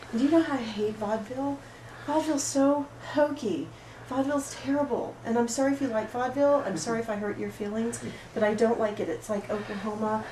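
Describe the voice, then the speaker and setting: An actress playing an oversensitive, apologetic woman at a support group, rambling through an improvised monologue in a rough, emotionally raw way. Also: medium pitch, darkish tone, close to an everyday voice. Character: oversensitive, apologetic woman pouring out her woes. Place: roomy studio space. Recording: echoey room, far mic, background noise.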